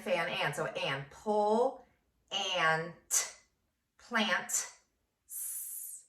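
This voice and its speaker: A woman first grade teacher gives children a patient, slow phonics lesson, sounding out words syllable by syllable. Her mid-range voice is bright and forceful. She is off-mic in an echoey room.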